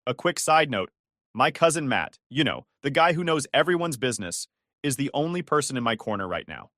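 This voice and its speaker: A man's voice: mid-range voice, brisk, dry recording, clean studio sound. A man narrating a first-person family drama story, acting out the voices. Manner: expressive, acts out dialogue.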